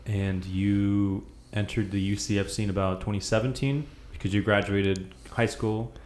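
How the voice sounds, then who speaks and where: Low-voiced man hosting in an echoey room. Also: fairly even intonation, normal speed, darkish tone. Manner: easygoing, prompting questions. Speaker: podcast host. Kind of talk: casual interview. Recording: echoey room with faint noise.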